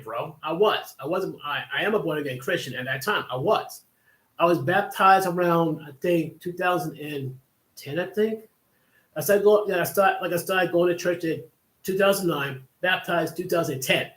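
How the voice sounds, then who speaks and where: In an echoey room, a livestream host tells a lengthy, offhand story full of restarts and tangents. His voice is high-pitched and a bit bright.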